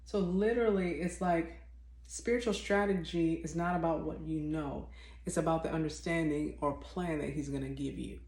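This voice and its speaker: A deep, steady, slightly mellow female voice at normal speed carries this spontaneous spiritual teaching. The faith vlogger talks off the cuff, bluntly and emphatically, repeating herself and restarting sentences often, with a roomy echo around her.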